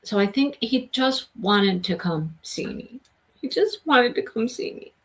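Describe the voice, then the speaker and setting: A middle-aged woman telling a personal story in a casual vlog, emotional and animated, acting out what was said. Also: a little high, measured pace. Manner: emotional, animated retelling with quoted dialogue. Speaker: host.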